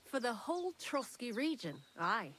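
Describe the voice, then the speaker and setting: Chatty young lady from a thieves' hideout, video game npc, high voice that bounces all over, bit morbid and blunt. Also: very animated, normal speed, a bit bright, a little hiss or hum. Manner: talkative, candid, dryly morbid. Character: chatty young woman hiding out in a thieves' lair. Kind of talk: game character dialogue.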